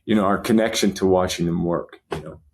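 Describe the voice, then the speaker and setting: A man with a lowish voice reminisces on a podcast, drifting between thoughts. He sounds fond and loose, filling gaps with fillers as he goes. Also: a little fast, darkish tone, a little hiss or hum. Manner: rambling, fond, full of fillers. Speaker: guest.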